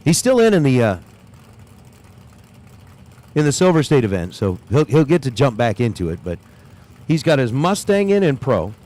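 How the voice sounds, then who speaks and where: A man's voice: medium pitch, sing-song, moderate pace, long pauses, warm tone. A man calling drag races live at the track, chatting and joking between runs. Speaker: drag race announcer. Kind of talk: live race commentary. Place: outdoors at a racetrack.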